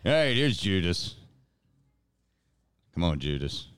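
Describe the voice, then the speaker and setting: A man's voice: sits low, big pitch swings, slow pace, clean tone, no echo, studio quality. A man co-hosting a podcast, chatting casually with frequent swearing, laughter and stammered restarts. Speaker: podcast co-host. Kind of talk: casual chat reacting to recordings.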